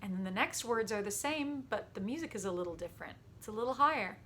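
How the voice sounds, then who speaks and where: A woman music teacher giving a warm, patient lesson to children from her home over a computer microphone, chatty and quick to laugh. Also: medium pitch, animated, slight background noise. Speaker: elementary school music teacher. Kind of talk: gentle, encouraging virtual lesson for children.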